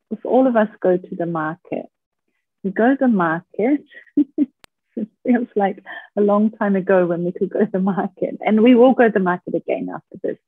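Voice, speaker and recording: A woman leading a workshop on stress. She talks calmly and patiently and often checks in with her listeners. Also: medium pitch, husky, no echo. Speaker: workshop speaker. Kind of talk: slow, gentle talk on managing stress. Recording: tinny phone-like line.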